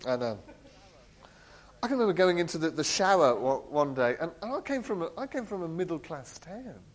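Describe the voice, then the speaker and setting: A man telling a personal story in an animated way. He laughs often and acts out the voices of the people he quotes. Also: a little high, a little fast, low-quality recording. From England. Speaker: speaker sharing a personal testimony. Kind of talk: storytelling talk.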